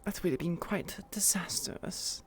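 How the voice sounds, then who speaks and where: A woman voicing a haughty, posh English lady innkeeper, speaking in a prim, affected, drawn-out manner. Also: on the low side, a little hiss or hum, close to an everyday voice.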